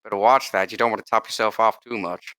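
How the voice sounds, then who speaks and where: A man's voice: lowish voice, fairly even intonation, fast, pushed and bright, dry recording. A man doing a drawling bully of a fleet officer. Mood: mocking.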